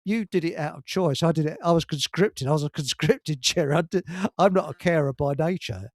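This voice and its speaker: A man's voice: a little high, fairly quick, dry recording. A man hosting a casual talk show, rambling through stories, laughing often and restarting his sentences. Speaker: radio show host. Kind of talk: casual chat with anecdotes.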